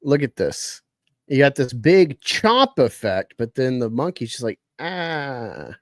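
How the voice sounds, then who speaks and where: A man's voice: medium pitch, measured pace, no echo. A man chatting casually and laughing as he reacts to a comic book review. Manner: laughing, animated, rambling. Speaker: reaction video host.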